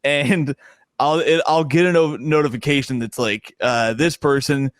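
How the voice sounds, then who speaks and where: A young man, a comedian, talking casually as a podcast guest, telling stories with frequent laughter and sudden jumps in pitch when he gets excited. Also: moderate pace, no echo, studio quality.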